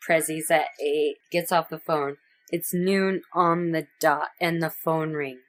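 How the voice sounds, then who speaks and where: Woman podcast cohost, low-ish voice, slow, laughing a lot while retelling a movie. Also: steady tone. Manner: laughs often, acts out scenes in quotes. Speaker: podcast co-host. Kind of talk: casual chat recapping a movie.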